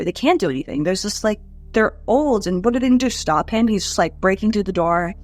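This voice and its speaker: A young woman in her twenties, an interview guest, telling her personal story candidly and conversationally, with frequent "like" fillers. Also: lowish voice.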